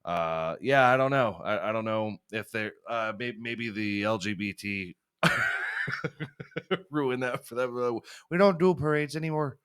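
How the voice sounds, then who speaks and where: A man's voice: medium pitch, a little slow, fairly bright tone, clean tone. A young man hosting a podcast, rambling and swearing freely, often laughing at himself. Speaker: podcast host. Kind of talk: casual chat.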